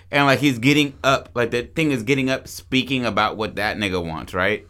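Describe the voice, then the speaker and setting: A man co-hosting a podcast, casually pitching a movie plot in profane, animated storytelling full of restarts. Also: moderate pace. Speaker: podcast co-host.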